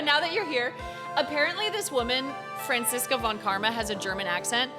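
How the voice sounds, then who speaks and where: A young American woman chatting through a game stream, animated and giggly and full of "like". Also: a little high, a little fast. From United States. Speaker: gaming streamer. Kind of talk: casual gameplay commentary. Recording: game music in the background. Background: game music.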